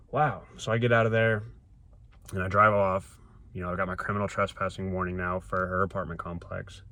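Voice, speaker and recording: A man with a fairly low voice tells a long personal story from the driver's seat of his car. He rambles and restarts often, but he stays emphatic throughout, and the sound comes straight through his phone. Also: flat delivery, a little fast, bright, forceful tone. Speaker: vlogger.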